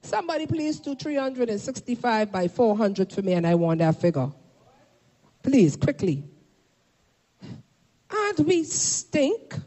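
A woman preaching a fervent sermon to a congregation, shouting at peaks and calling for responses, filmed for a camera. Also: medium pitch, expressive, normal speed. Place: church or meeting hall. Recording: long hall reverb.

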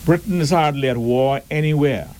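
A man giving a deliberate, emphatic public address and asking rhetorical questions. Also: on the high side, darkish tone, a little hiss or hum, poor audio. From Turks and Caicos Islands.

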